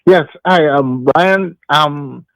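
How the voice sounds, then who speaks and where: A man from New York calling in to a talk show, halting with many ums. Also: fairly high pitch, creaky, fairly bright tone, no echo, poor audio. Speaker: caller. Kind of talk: phone call into a talk show.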